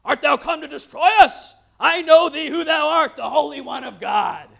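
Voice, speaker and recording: A woman's voice: high voice, normal speed, creaky, a bit bright, pitched above the performer's own voice, exaggerated voice. A woman preacher voicing a frantic possessed man who screams from the back of a synagogue in old-style scripture wording. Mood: screaming.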